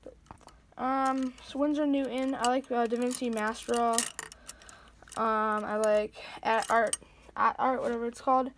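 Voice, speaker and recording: A woman's voice: on the high side, steady tone, unhurried, slight background noise. A woman giving a casual tour of her scale model workbench, rambling and hesitant with many fillers, recorded at home.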